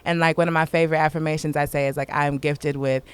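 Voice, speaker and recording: Laughing, animated woman with a smooth voice. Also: low-pitched, fast. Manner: animated, laughs often, informal speech. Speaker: interview guest. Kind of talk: casual conversational interview.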